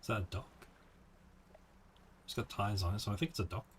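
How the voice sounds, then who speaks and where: Man, game streamer, casual commentary, laid-back, swears a lot, lowish voice. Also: fairly even intonation, fairly quick, a little hiss or hum.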